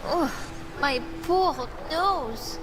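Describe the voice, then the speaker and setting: A woman voicing an eerie female spirit in a game, speaking slowly and drawn-out, faint and distant. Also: high-pitched, expressive, noisy background, exaggerated voice.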